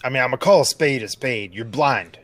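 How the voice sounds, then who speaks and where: A man playing a tabletop game, talking in a gruff, blunt way. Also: mid-range voice, a little fast, a bit bright, no echo. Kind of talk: casual in-character play.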